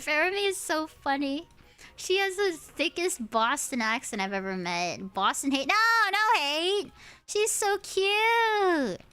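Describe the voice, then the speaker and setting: A young American woman chats casually with her stream viewers and tells stories in an animated way, peppered with swearing and acted-out quotes. Her voice is high and smooth, and it swoops widely. Soft music plays faintly behind her. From United States. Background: faint background music.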